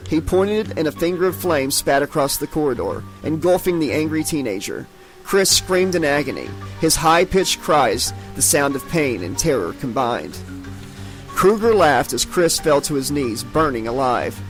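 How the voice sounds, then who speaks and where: A man narrating an unabridged horror audiobook with dramatic delivery. His voice sits a little on the higher side, and faint music runs beneath the reading. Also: lively intonation, moderate pace, poor audio. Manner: dramatic, voices each character.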